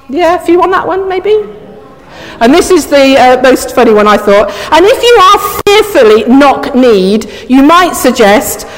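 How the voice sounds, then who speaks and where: A woman's voice: high-pitched, animated, moderate pace. A woman giving an informal, chatty sermon, putting questions to the congregation and laughing now and then. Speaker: preacher. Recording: echoey hall.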